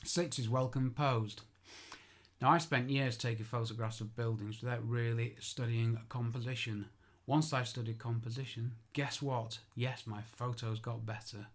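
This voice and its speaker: A man's voice: medium pitch, fairly even intonation, normal speed. A man who works as an architectural photographer, giving an informal spoken tutorial. He chats, makes self-deprecating asides and corrects himself aloud.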